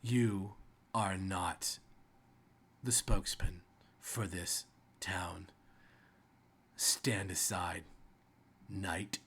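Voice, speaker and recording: Casting: man doing a haughty female dragon army rider, cold low menace, slow deliberate delivery. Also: steady tone, a bit bright, breathy edge, exaggerated voice.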